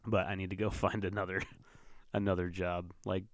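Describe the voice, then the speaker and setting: A man's voice: low-pitched, flat delivery, moderate pace, dry recording, studio quality. A young man hosting a podcast, telling a rambling, profane story in casual monologue. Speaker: podcast host.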